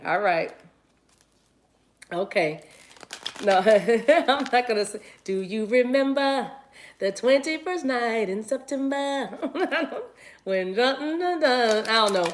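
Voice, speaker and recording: A woman giving a casual livestream tarot reading, chatty and playful, laughing easily. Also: medium pitch. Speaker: tarot reader.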